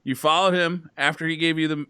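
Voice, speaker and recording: A man's voice: a little high, steady tone, a little fast, sharp tone, smooth, no room sound, studio quality. A man hosting a casual live-stream chat, cutting in with teasing jokes and questions. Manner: teasing, joking interjections. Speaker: host.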